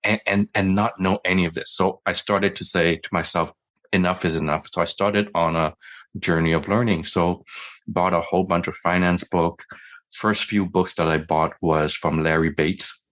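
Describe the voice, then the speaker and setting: A man's voice: low-pitched, fairly even intonation, normal speed, fairly bright tone. A middle-aged man, a physician guest in an interview, telling his own story in a conversational way and acting out his past dialogue. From Canada.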